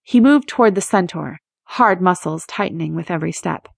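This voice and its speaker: A woman narrating a romance audiobook in a measured, expressive reading. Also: on the low side, vocal fry, dry recording, studio quality. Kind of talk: scripted narration.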